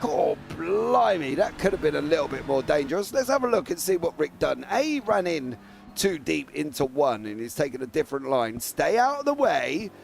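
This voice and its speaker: English man, gravelly, sim race commentator, teasing and excitable. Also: on the high side, fairly quick, soft background music. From England. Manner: excitable, teasing, shouts at drivers.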